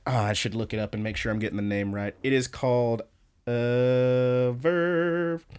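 Young dude on a podcast, hyped, swears a lot, average pitch. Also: male voice, a little slow, clean tone. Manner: excitable, swears freely, quotes scenes in voices. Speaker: podcast co-host. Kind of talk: casual chat.

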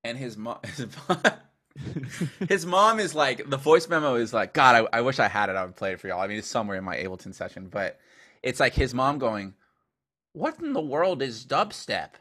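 Bright-voiced man telling animated stories. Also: mid-range voice, fairly quick. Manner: animated storyteller, heavy filler use, swears. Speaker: guest dubstep producer. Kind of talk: casual interview chat.

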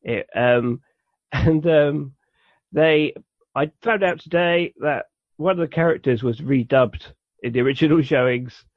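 A man's voice: on the high side, measured pace, dry recording. Man explaining, dull dry recording. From United Kingdom. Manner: rambling, enthusiastic explaining. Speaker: podcast co-host. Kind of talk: casual chat.

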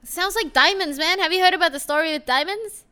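A woman's voice: very high-pitched, a little fast, bright, forceful tone. A woman co-hosting a podcast in casual, profane chat, loose and full of fillers and laughs. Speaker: podcast co-host.

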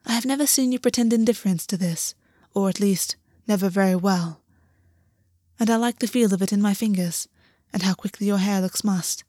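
A woman reading the lines of a gentle, measured male water horse lover, speaking softly and sincerely. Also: medium pitch, husky, no echo, clean studio sound, lightly acted. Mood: affectionate. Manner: soft, careful and sincere.

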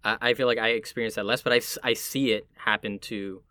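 A man from Puerto Rico in casual conversation, chatty and quick to laugh as he tells stories. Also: lowish voice, no echo. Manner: chatty, animated storytelling, laughs easily.

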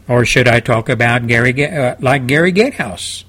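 A man's voice: mid-range voice, brisk, fairly bright tone. A man with a Texan accent hosting a radio show from his studio, talking in a folksy, rambling way. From South Texas. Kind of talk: folksy talk radio monologue.

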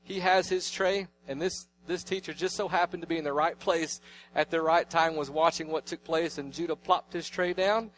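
Male pastor, 30s, high-pitched, storytelling sermon voice with a faint noise floor. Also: steady tone, moderate pace. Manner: storytelling, swings between loud preaching and hushed asides.

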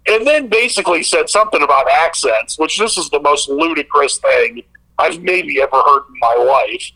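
Man, sports podcast co-host, bright and slightly high voice, chatty and rambling. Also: normal speed, rough recording. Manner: rambling, animated storytelling with many fillers. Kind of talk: casual sports chat.

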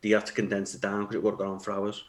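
A man's voice: on the low side, completely flat delivery, rapid-fire, a little hiss or hum. A man chatting easygoing and casual with friends on a podcast. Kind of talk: casual chat.

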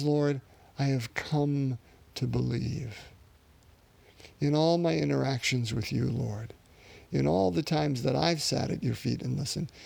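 Guy preaching a sermon, real gravelly husky voice, earnest and thoughtful. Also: mid-range voice, darkish tone, dry recording. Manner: earnest, reflective, with restarts and pauses.

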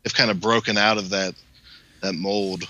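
A man's voice: lowish voice, steady tone, normal speed, bright, forceful tone. A man in casual chat who halts and searches for his words, on a dull lo-fi line with faint hiss.

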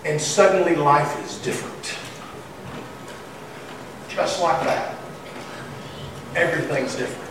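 A high-pitched pastor preaches a humorous sermon in a church sanctuary, breaking into sudden excited shouts, unhurried and pausing often. His voice echoes heavily, captured from some distance, over a faint background hum.

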